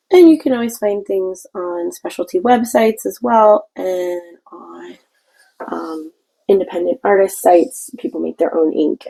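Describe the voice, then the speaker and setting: Gravelly low-voiced woman explaining crafts. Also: mellow, poor audio. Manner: chatty and meandering, with frequent restarts; explains while painting. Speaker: craft tutorial host. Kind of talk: casual craft tutorial.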